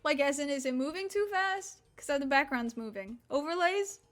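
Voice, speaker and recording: A woman's voice: high-pitched, animated, normal speed, fairly bright tone, soft background music. A young woman around twenty from Mississippi, chatting casually on a stream, rambling, swearing and laughing, with an unusual slack-jawed accent. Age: about 20.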